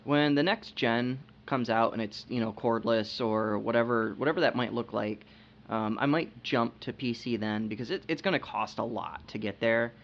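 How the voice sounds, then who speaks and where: A man's voice: mid-range voice, moderate pace, creaky, slight background noise. A man co-hosting a casual podcast chat. He talks hesitantly, repeating his words and using lots of fillers. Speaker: podcast co-host. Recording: dull lo-fi podcast audio.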